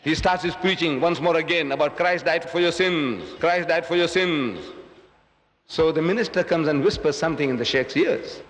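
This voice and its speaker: Animated high-voiced male lecturer, echoey hall. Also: normal speed. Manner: animated storyteller acting out voices. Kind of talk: public lecture storytelling.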